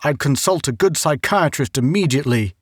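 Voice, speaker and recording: A man's voice: on the high side, lively intonation, brisk, no echo, clean studio sound. A man voicing a stern, sarcastic middle-aged scientist father, who scolds in a storybook reading. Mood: scolding.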